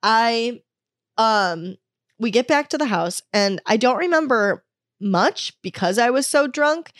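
A woman's voice: mid-range voice, dry recording, clean studio sound. Candid, self-mocking young woman. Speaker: wellness vlogger. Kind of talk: confessional storytelling.

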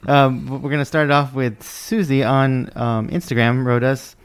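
A man's voice: mid-range voice, level tone, normal speed, clear, resonant tone. A man co-hosting a podcast, reading listener mail in a laid-back, joking way. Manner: laid-back, jokey, reads letters aloud. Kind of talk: casual podcast chat.

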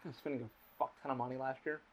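A man's voice: medium pitch, steady tone, fast. A young man hosting a podcast, talking emotionally in casual chat, swearing often and restarting his sentences. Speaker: podcast host.

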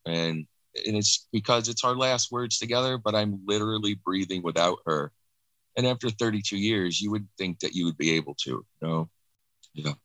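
A middle-aged man speaking haltingly and softly, with many restarts, as he recounts a personal loss. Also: on the low side, no room sound, low-quality recording. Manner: halting, restarts, soft and reflective. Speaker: guest sharing personal loss. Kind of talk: emotional personal account.

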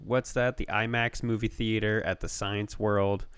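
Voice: mid-range voice, level tone, a little slow, smooth, no room sound. A podcast co-host chatting casually from a basement, laid-back with dry humor. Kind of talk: casual chat.

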